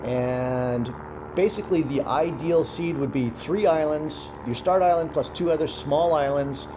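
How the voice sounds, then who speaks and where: A young man giving relaxed, casual commentary over his own gameplay, thinking aloud as he plays. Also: on the high side, measured pace, noisy background. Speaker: gaming commentator.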